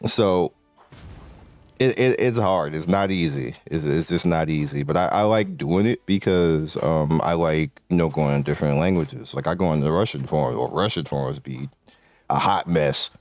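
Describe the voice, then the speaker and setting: A man's voice: rumbling low, normal speed, dry recording. A man from the United States chatting casually as a gaming video creator, rambling with lots of fillers and restarts and laughing often.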